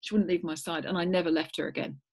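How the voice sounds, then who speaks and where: A woman with a husky, fairly low voice tells a personal story on a webinar. She acts out the voices with lively swings and sinks to a near whisper for tender moments, heard through a video-call mic. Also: fast talker. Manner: animated storytelling, acting out voices, dropping to a whisper. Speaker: guest course leader.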